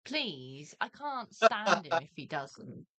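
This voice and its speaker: A woman's voice: lowish voice, very animated, slow, crowd noise. Gushing, giggly woman. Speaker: player. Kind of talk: casual tabletop game chat.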